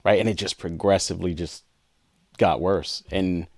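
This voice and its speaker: This male podcast co-host speaks in a low, steady voice at a moderate pace while earnestly recounting something from his own life and reenacting old dialogue. The audio is studio quality with no echo.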